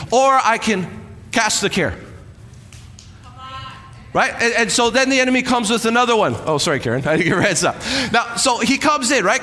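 A man pastor preaching a sermon on stage, energetic and conversational, acting out a demonstration with helpers. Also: high-pitched, slight background noise. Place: church stage with long reverb. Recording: reverberant church hall.

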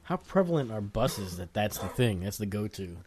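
A man's voice: fairly low pitch, sing-song, normal speed, over a noisy crowd. A laid-back man in crude comedy banter, giving short, giggly replies.

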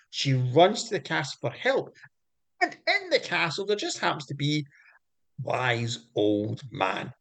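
A man, co-hosting a podcast and retelling folk tales in a playful, animated way with jokey asides. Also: on the high side, a little slow, creaky. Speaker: podcast co-host. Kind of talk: comic storytelling chat.

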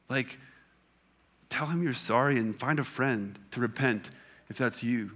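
A man delivering a sermon in a plain, conversational way, his voice sitting at an ordinary middle pitch. He reads scripture aloud and then explains it in everyday words, often stopping to restart a sentence. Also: a little slow, long pauses, a bit bright. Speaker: preacher.

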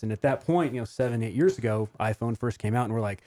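A man's voice: medium pitch, lively intonation, fast talker, hardly any pauses, mellow, dry recording. A man hosting a podcast in casual chat, chatty, with lots of fillers. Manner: chatty, filler-heavy, laughs easily. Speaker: podcast host.

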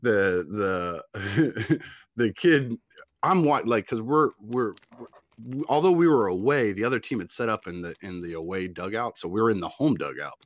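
A man co-hosting a podcast, a youth baseball coach telling a game story in casual chat, animated and acting out what people shouted. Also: fairly low pitch, moderate pace, no room sound. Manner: animated storyteller who acts out shouted quotes.

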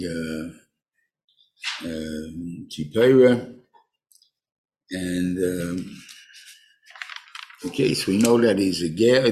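An older rabbi gives an informal Bible class, speaking haltingly with many restarts and Hebrew phrases. His voice sits low and carries a gravelly fry. He talks to a small group as they go through the text. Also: a little mellow. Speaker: rabbi teaching a weekly class.

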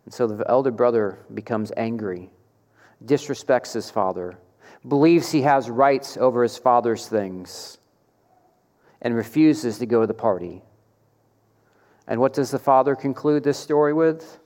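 A man preaching a sermon, asking the congregation rhetorical questions and pressing his points with animated emphasis. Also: mid-range voice, measured pace, long pauses. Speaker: pastor. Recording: long hall reverb.

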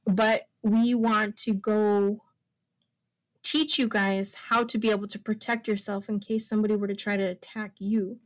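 A woman's voice: mid-range voice, level tone, moderate pace, rough recording. A woman hosting a homeschooling podcast, chatting casually with her children and then leading an earnest prayer with many fillers. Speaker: podcast host and homeschooling mother. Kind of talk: casual family chat and closing prayer.

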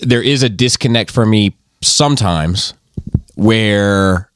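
Low-voiced, laid-back swearing man. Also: slow pace, clear, resonant tone, no room sound, clean studio sound. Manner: relaxed, swears freely, laughs easily. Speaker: podcast co-host. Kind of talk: casual chat.

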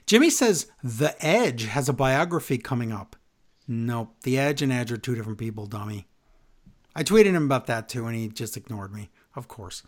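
A man's voice: mid-range voice, lively intonation, moderate pace. A man co-hosting a podcast, ranting sarcastically in a casual wrestling recap. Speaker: podcast co-host.

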